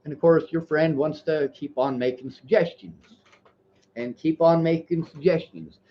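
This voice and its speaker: A man's voice: a little high, fairly even intonation, unhurried, slight background noise. Heated, cursing man on a lo-fi stream. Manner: heated, profane, lecturing. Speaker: livestreamer reading viewer messages. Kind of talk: livestream commentary and rant.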